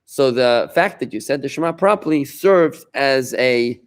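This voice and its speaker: A man's voice: mid-range voice, lively intonation, measured pace. A middle-aged man, a rabbi, teaching an informal Talmud lesson, explaining patiently, repeating phrases and turning to his students with chatty asides.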